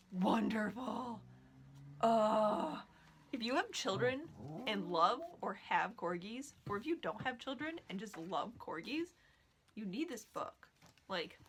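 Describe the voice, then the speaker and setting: A woman's voice: on the high side, noisy background. A woman chatting casually at home as a knitting vlogger, gushing about what she loves and breaking off to scold her dogs. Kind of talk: casual chat.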